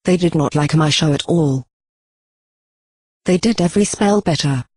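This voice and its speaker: Young unicorn filly, proud and upset, storybook, read out by a flat synthetic voice, husky, dry. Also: mid-range voice, moderate pace, no echo, lightly acted. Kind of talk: text-to-speech storybook reading.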